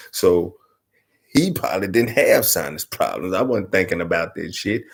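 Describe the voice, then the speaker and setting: Deep, gravelly and husky, this Arkansas man with a Southern US accent hosts as a storyteller, telling a comic tale loosely and profanely, rambling and forever asking "you know what I'm saying."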